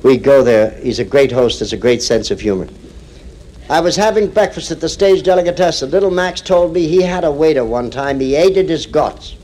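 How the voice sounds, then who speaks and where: A man's voice: fairly high pitch, animated, a little fast, a little mellow, low-quality recording. A man telling jokes on stage in a chatty, storytelling stand-up delivery. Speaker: comedian.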